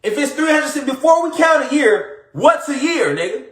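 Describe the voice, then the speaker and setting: A man delivering a rambling, preachy comedic monologue, repeating himself and swearing often, getting louder as he goes. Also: very high voice, animated, normal speed, roomy sound. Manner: preachy, repetitive, profane, rising to shouts. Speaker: comedic conspiracy monologue performer.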